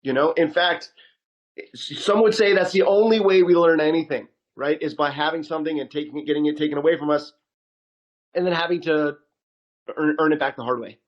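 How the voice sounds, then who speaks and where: A man co-hosts a podcast in a loose, casual way. His voice sits on the higher side. The recording sounds a bit dull and lo-fi. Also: fairly quick. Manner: casual, relaxed, says "like" and "right?" a lot. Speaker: podcast co-host. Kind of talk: casual chat.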